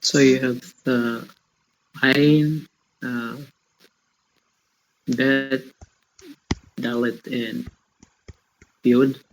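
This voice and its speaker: A man's voice: mid-range voice, little pitch movement, extremely slow, long pauses, slight background noise, rough recording. A man in a class, hesitantly sounding out words as he reads aloud. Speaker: student.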